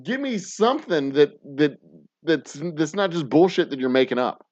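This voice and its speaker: A man's voice: a little high, moderate pace. Profane man ranting on a lo-fi stream. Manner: profane, animated ranting, swings from mumbled asides to loud outbursts. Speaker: podcast host. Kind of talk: casual ranting monologue.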